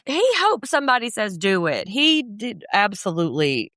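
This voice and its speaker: A woman co-hosting a podcast talks with wide swings in pitch and keeps dropping into little voices to quote the people she describes. The sound is close and dry, with no room around her. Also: normal speed, no room sound. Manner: animated, slips into quoted voices. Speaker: podcast co-host. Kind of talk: casual recap chat.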